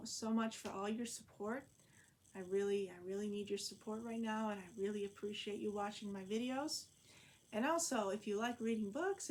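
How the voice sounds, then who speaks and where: A woman talks through her week in a loose, rambling diary vlog, full of fillers and restarts. Her voice sits at a middle pitch for a woman. A faint background noise runs under the recording. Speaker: vlogger and online French teacher.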